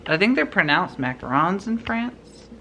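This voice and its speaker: A man's voice: high voice, big pitch swings, normal speed, sharp tone, a little hiss or hum. A young man chatting playfully while shopping in a home goods store, laughing often as he films. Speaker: vlogger. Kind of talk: casual vlog chat while shopping.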